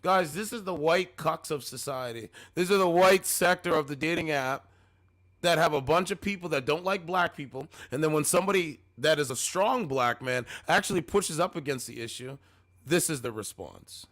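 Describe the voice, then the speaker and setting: Male streamer, higher register, combative, repetitive, argumentative. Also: moderate pace, fairly bright tone. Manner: confrontational, repeats phrases over and over. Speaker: livestreamer. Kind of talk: heated livestream argument.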